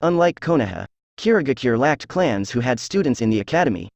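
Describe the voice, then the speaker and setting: A man reading fan fiction aloud as narrator, in a steady, even storytelling voice. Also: mid-range voice, brisk, gravelly, dry recording.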